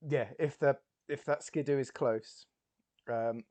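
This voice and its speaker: A man's voice: medium pitch, steady tone, a little slow, a little mellow. A man playing in a tabletop game, speaking hesitantly with many ums as he describes his character's actions. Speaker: player.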